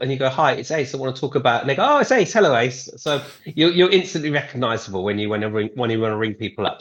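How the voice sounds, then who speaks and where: A man's voice: mid-range voice, highs cut off. A man from Britain, a guest guitarist, chatting casually on a podcast and telling stories with lots of restarts. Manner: rambling, lively storytelling with many restarts.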